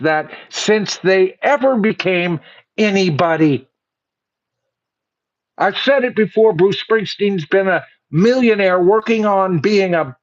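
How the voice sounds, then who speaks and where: A man's voice: high-pitched, lively intonation, slow pace, muffled recording. A man hosting a livestream. He rants bluntly and profanely and speaks to his viewers as "folks.". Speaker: host of a livestream show. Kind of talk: livestream commentary rant.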